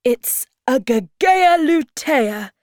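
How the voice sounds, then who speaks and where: A fussy, gloomy male storybook creature, voiced by a woman reading aloud. He talks slowly and mournfully, close to the mic in a dry space. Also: medium pitch, darkish tone, dry recording, voice pushed up, close to an everyday voice. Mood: excited.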